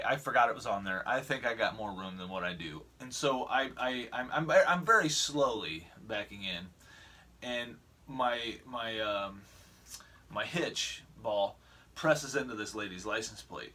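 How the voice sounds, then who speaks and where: A man's voice: mid-range voice, animated, moderate pace, pushed and bright. A middle-aged man telling a story in a casual vlog, rambling with frequent restarts and chuckles. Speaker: vlogger.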